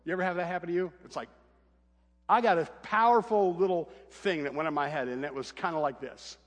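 Sounding like he's in a big room, a middle-aged male pastor talks fairly quickly in a slightly high voice. He animatedly shares a humorous family tale in his sermon, acting out the quoted voices.

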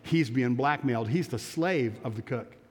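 A male pastor telling a story during a sermon, animated and with frequent restarts. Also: mid-range voice, normal speed, husky. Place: church sanctuary. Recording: long church reverb.

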